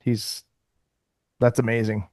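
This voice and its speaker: A man from Texas co-hosts a casual podcast in an easygoing way, laughing often at his guests. His voice sits at an ordinary pitch and is recorded close and dry. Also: little pitch movement, slow pace, darkish tone, no room sound. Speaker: podcast co-host.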